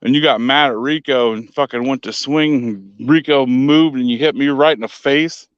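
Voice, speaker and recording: A man's voice: medium pitch, normal speed, smooth, no room sound. A man chatting casually with friends, recalling old times with swearing. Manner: reminiscing, profane. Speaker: friend in the chat. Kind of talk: casual chat. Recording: dull lo-fi dry sound.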